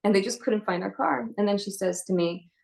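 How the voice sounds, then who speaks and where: A young adult woman giving an earnest personal testimony as an inspirational speaker, retelling events in a halting way with fillers. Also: medium pitch, vocal fry, a little mellow, low-quality recording.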